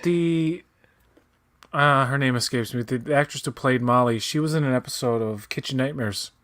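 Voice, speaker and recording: A man's voice: mid-range voice, moderate pace, a bit bright. A man co-hosting a casual show commentary, trading dry jokes and mock complaints with his partner. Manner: dry jokey banter, mock grumbling. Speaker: co-host of a watch-along commentary.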